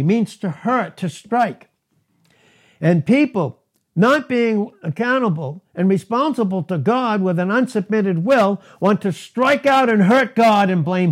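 A husky-voiced man preaching a sermon. He talks emphatically and often leaps into high, animated bursts of emphasis. His voice has a slightly breathy edge.

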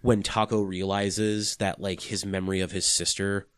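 Rambling low-voiced young man chatting. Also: flat delivery, normal speed, smooth, no room sound, studio quality. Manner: rambling, lots of "like", swears freely. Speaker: podcast co-host. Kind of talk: casual chat.

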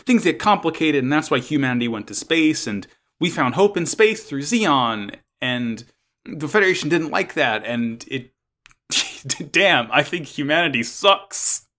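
Bright-voiced man rambling and swearing. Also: on the high side, lively intonation, measured pace. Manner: rambling, frequent swearing and restarts. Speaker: podcast co-host. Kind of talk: casual chat recapping an anime episode.

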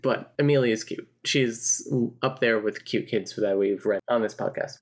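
Podcast co-host, woman, very low pitch, casual and frank. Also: normal speed. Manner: frank, swears casually, laughs often. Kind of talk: casual book-club chat.

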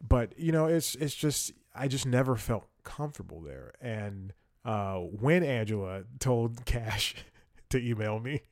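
A man's voice: medium pitch, expressive, a little slow, no room sound, studio quality. A young man telling a work story in a casual podcast monologue, rambling with fillers, restarts and wry laughs. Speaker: podcast host.

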